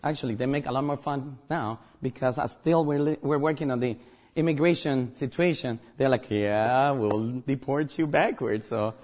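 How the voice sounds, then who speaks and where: A man's voice: mid-range voice, brisk, a little mellow. A man from Guatemala with a Guatemalan accent, a native Spanish speaker, preaching a sermon as pastor, emphatic and joking.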